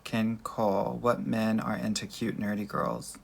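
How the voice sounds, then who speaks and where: Gravelly-voiced man with Valley Girl manner. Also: lowish voice, animated, a little slow, a little hiss or hum. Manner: chatty, calls viewers girl and honey. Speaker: dating coach. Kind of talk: livestream Q&A answering chat comments.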